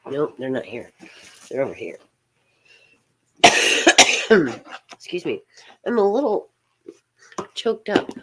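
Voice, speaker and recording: A middle-aged woman hosting a casual live tarot reading, rambling and halting, with many fillers and soft laughs. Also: sits low, a little hiss or hum.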